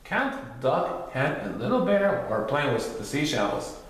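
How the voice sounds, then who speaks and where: A man reading a children's storybook aloud in a lively read-aloud voice. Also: mid-range voice, slow. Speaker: children's book reader. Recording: very echoey room.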